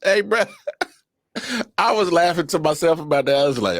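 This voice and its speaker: A man co-hosting a casual sports talk show, slangy and quick to laugh, calling people "fam" and "dog.". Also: mid-range voice, lively intonation, dry recording, clean studio sound. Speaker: sports podcast co-host.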